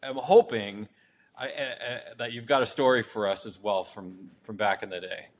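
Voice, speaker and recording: A man hosting a podcast in casual chat, upbeat and quick with short replies. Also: fairly low pitch, steady tone. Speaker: podcast host.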